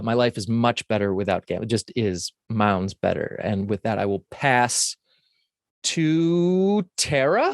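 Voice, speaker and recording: A man's voice: medium pitch, no room sound, clean studio sound. A man co-hosting a podcast, leading a gambling recovery support meeting in a plainspoken, folksy way. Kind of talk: casual recovery meeting talk.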